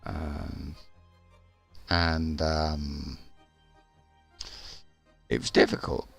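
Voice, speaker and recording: A man's voice: rumbling low, little pitch movement, very slow, creaky, faint music behind. A man streaming a game live, chatting casually in a rambling, hesitant way with lots of restarts.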